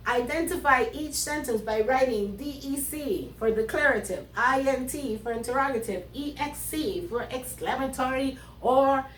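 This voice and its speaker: Slow, roomy-sounding woman teacher. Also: high voice, distant mic, slight background noise. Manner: reads riddles aloud with animated emphasis. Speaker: third grade teacher. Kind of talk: classroom lesson. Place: classroom. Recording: roomy sound from away from the mic, faint ambience.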